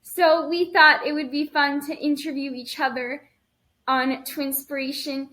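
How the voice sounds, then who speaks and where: Young woman podcast host; bright, high voice; casual teasing chat. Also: little pitch movement, a little slow. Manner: chatty, teasing.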